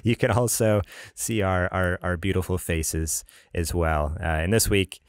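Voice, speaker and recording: Low-voiced chatty podcast host, man. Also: fairly even intonation, a little slow, no room sound, studio quality. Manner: chatty, rambling, laughs often. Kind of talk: casual podcast chat.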